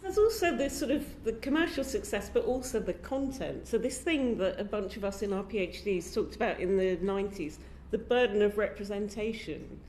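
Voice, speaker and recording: A woman committee member asking a witness questions in a chatty, proud, warm manner. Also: mid-range voice, lively intonation, normal speed, few pauses, roomy sound, slight background noise. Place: committee room.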